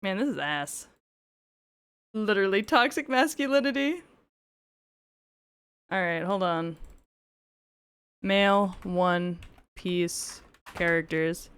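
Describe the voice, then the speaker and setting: A woman's voice: mid-range voice, slow pace, long pauses, fairly bright tone, clean tone. A woman streaming gameplay, chatting casually with frequent swearing and joking asides.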